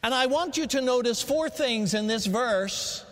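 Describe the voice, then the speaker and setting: A man's voice: extremely high pitch, lively intonation, unhurried, a bit bright. A man from Northern Ireland with a faded Northern Irish accent, preaching a sermon as a guest in church with formal, prayerful phrasing. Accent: Northern Irish, faded by years in America. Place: large church sanctuary. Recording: church hall reverb.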